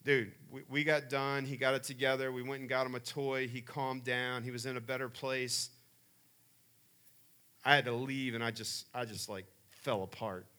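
Male pastor, middle-aged, bright tone, animated storytelling sermon, loud emphatic peaks. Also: mid-range voice, normal speed. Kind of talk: sermon with personal stories.

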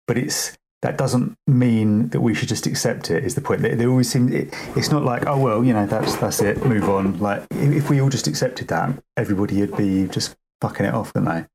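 A man's voice: medium pitch, a little fast, gravelly, hardly any pauses, a little mellow, husky. A man arguing heatedly in a casual podcast chat, swearing and acting out the people he quotes. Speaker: podcast co-host, music producer.

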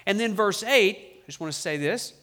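A man preaching a sermon, with a high voice. He reads scripture aloud with the congregation, slowing down to stress key phrases. He mixes in playful asides. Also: expressive, sharp tone. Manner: emphatic, slows down on key phrases. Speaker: pastor.

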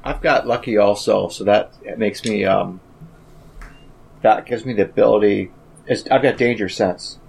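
A man's voice: lowish voice, a little slow, creaky, a little mellow, husky, poor audio. A man playing a tabletop game who argues about the rules. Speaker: player. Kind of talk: casual tabletop play.

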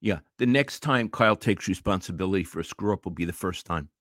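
A man's voice: sits low, fast talker, a bit bright, no room sound, studio quality. An older man, a retired sports writer, co-hosting a casual sports podcast with emphatic opinions and stumbling restarts.

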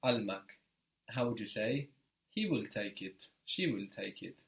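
Male teacher, patient, encouraging, step-by-step explanations, calm lesson delivery. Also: fairly low pitch, measured pace, vocal fry. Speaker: language teacher. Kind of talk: guided spoken language lesson.

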